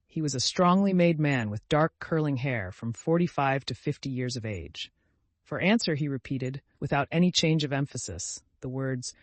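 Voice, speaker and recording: A man narrating an audiobook in a measured, even delivery. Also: mid-range voice, no room sound.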